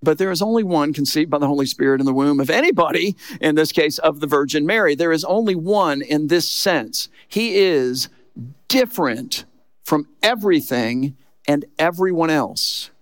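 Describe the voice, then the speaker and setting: A man's voice: a little high, animated, moderate pace, no room sound, studio quality. A man preaching a sermon as a pastor, in a conversational, emphatic way that keeps checking in with the listeners. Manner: conversational, emphatic preaching with frequent "look" and "okay".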